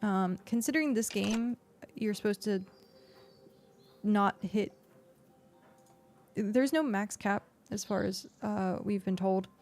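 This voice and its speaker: Woman game streamer, gravelly voice, casual rambling commentary, soft music behind. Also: medium pitch, slow, long pauses. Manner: chatty, explains as she plays, many fillers. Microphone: desk microphone. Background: faint background music.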